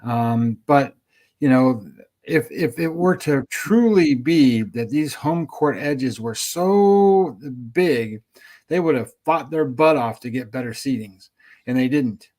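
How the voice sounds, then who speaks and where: A man's voice: mid-range voice, expressive, takes it slowly, darkish tone. Rambling man talking sports bets. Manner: rambling, many ums and restarts. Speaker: sports betting show co-host. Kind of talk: casual sports betting chat.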